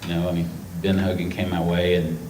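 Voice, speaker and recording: A man's voice: low voice, monotone, brisk, a little mellow. A middle-aged man from North Carolina, an author telling anecdotes to a festival audience, rambling and emotional, acting out quotes. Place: festival stage before a live audience. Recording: echoey hall with faint noise.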